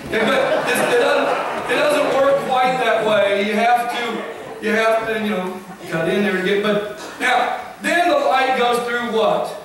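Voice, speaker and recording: A middle-aged man, a guest speaker, gives a lively science talk to a congregation and keeps quizzing them with "okay?" and "right?". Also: high-pitched, unhurried, a crowd in the background. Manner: questions the audience often, with frequent "okay?" and "right?". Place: church hall. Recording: very echoey hall, from far off.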